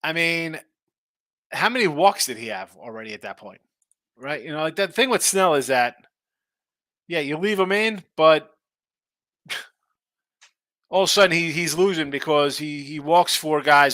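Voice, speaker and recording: A man's voice: fairly high pitch, expressive, moderate pace, pauses often, bright, forceful tone, no echo. A man hosting a sports betting live stream, rambling and thinking aloud in casual chat. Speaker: sports betting show host.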